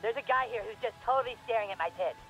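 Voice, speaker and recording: A man's voice: very high-pitched, rapid-fire, bright, forceful tone, soft background music, exaggerated voice, poor audio. A man voicing a bratty, foul-mouthed chubby cartoon boy, nasal and whiny, rude and indignant. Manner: rude, indignant, swears constantly. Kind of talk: cartoon voice acting.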